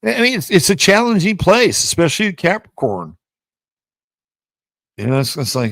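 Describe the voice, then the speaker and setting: A man's voice: big pitch swings, normal speed, vocal fry, long pauses, a bit bright, no echo, clean studio sound. A man hosting an astrology forecast in a blunt, chatty way, now and then jumping into playful acted-out voices. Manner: blunt, chatty, acts out voices with big pitch swings. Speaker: astrology show host. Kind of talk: casual astrology forecast monologue.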